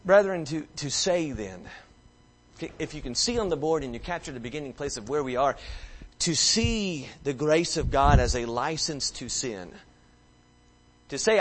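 A man preaching a sermon, telling stories dramatically and swinging between hushed passages and loud ones. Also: fairly high pitch, animated, normal speed, slight background noise. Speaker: pastor.

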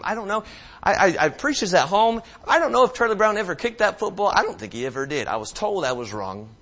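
A man preaching a sermon, swinging from loud impassioned climbs to hushed, soft passages. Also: medium pitch.

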